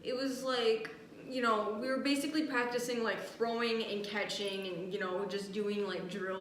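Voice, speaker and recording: High-voiced young woman, halting. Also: steady tone. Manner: halting, many fillers and restarts. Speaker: podcast co-host. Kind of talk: casual storytelling chat. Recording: echoey room with faint noise.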